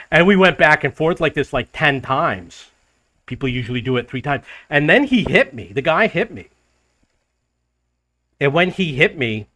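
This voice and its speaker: A middle-aged man from the United States, telling a story in a casual monologue and acting out the arguments he quotes. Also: medium pitch. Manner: animated retelling, acts out quoted arguments. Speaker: travel vlogger.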